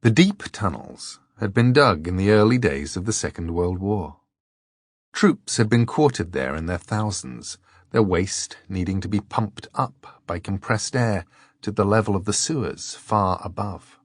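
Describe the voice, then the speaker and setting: A man narrating an audiobook in a measured, deliberate storytelling voice. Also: on the low side, lively intonation, breathy edge, no echo, clean studio sound. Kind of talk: scripted narration.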